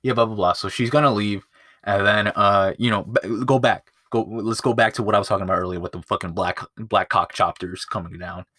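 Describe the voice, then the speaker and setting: A man's voice: lowish voice, fairly even intonation, fairly quick, sharp tone, no room sound, clean studio sound. A man hosting his own podcast. He retells a movie in a rambling, profane, chatty way and often loses his place. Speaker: podcast host. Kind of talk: casual movie review chat.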